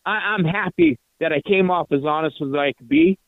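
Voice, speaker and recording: A man's voice: a little high, normal speed, dry recording. An older man calling in to a sports radio show, ranting in frustration and tripping over repeated words. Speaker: radio call-in listener. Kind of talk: angry fan phone call. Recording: tinny phone line.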